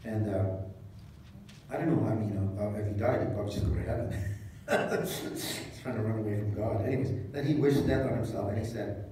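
A man preaching a sermon as pastor, retelling scripture in a casual, joking way with animated asides. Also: on the low side, brisk, slight background noise. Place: church hall. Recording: echoey hall, mic at a distance.

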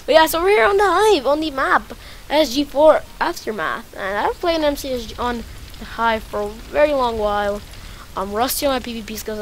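A woman hosting a let's play, commentating excitedly as she plays, swearing often and repeating phrases over and over. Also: on the high side, slight background noise. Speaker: gaming channel host.

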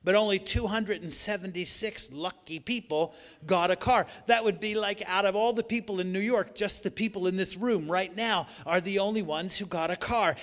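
A male pastor preaching a sermon with emphatic delivery, building up to shouted, repeated lines. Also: sits high. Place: church sanctuary. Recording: long church hall reverb.

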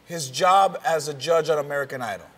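A man's voice: a little high, brisk. A man hosting a talk show, teasing and joking with his guest in casual chat. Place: TV studio with audience. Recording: reverberant studio with audience and noise.

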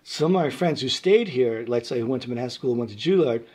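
Husky New man telling stories. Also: medium pitch, fast talker. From New York. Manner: animated storyteller, loud when acting out quotes. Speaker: guest musician. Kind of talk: casual interview storytelling.

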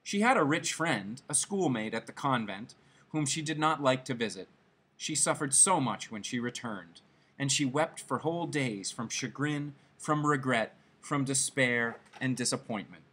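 A man reading a classic short story aloud, in an expressive, dramatic manner. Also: medium pitch, normal speed, husky. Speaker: story reader.

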